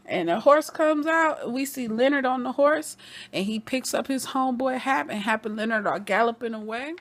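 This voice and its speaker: A woman giving an animated recap of a TV episode, acting out the characters' lines in quoted voices as she goes. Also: a little high, normal speed. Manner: acts out scenes in quoted voices. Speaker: TV episode reviewer.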